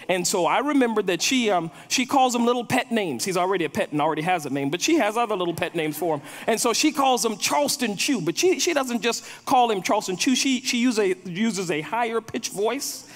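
A man's voice: sits high, animated, brisk, few pauses, long reverb tail. A male pastor preaching a sermon, telling stories and repeating words as he builds a point.

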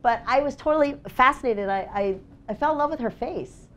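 A woman's voice: high-pitched, fairly quick. Chatty middle-aged woman photographer speaking. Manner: chatty, lots of "like" and "you know", lively acted-out quotes. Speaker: documentary photographer giving a seminar talk. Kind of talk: casual storytelling presentation. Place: seminar event space.

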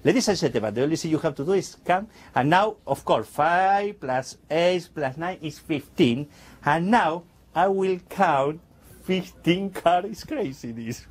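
A man performing as a stage magician, chatting playfully with the audience in slightly broken English. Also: high-pitched.

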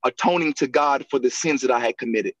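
A man, a guest actor and acting coach, telling animated stories in a casual interview, laughing and acting out the voices of people he quotes. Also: mid-range voice, fast talker, highs cut off.

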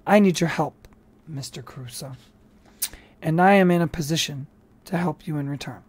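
Reader doing a soft, formal company head. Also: medium pitch, moderate pace, husky, lightly acted. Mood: measured. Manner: soft-spoken, formal and courteous. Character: polite formal older man, corporate head.

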